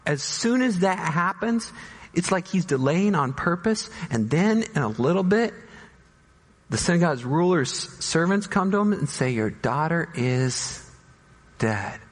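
Pastor preaching in a reverberant hall. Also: male voice, animated, normal speed. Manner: dramatic, voices doubters in high anguished tones, then drops soft. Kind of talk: sermon.

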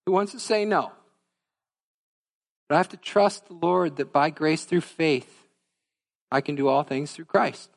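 A man's voice: a little high, unhurried, creaky, long pauses, long reverb tail. A man preaching a sermon as pastor, earnest and conversational, speaking directly to his congregation. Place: church sanctuary.

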